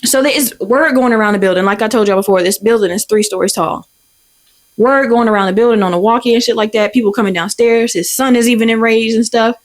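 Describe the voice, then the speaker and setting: A young woman in her twenties hosting a podcast, telling a story in a profane, exasperated, animated way. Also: a little high, quick pace. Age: 20s. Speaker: podcast host. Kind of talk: casual storytelling rant.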